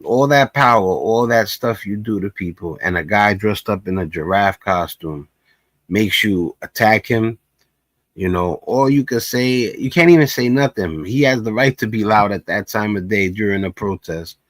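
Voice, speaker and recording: Man, low voice, dry close sound, laid-back reaction commentary, lots of fillers. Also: normal speed, a bit bright, dry recording. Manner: laid-back, conversational, lots of "you know". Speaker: commentary host.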